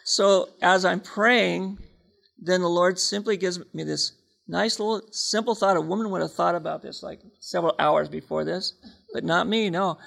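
Bright, gravelly high-voiced man. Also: normal speed. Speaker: preacher sharing a story. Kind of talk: sermon storytelling.

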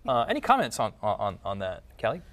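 A man's voice: fairly low pitch, huge pitch swings, brisk, fairly bright tone. A man hosting a casual religious discussion, thinking aloud with many fillers and restarts. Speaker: podcast host.

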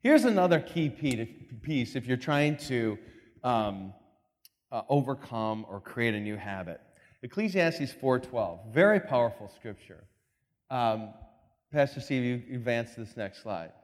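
A man preaching a sermon as pastor, telling stories with comic asides and quick laughs, in a reverberant church hall. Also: fairly high pitch, big pitch swings.

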